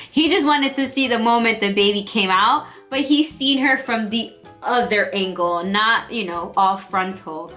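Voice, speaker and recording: A woman's voice: a little high, sharp tone. A young woman telling her birth story as a vlogger, chatty and emotional, with lots of fillers. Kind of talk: personal storytelling vlog.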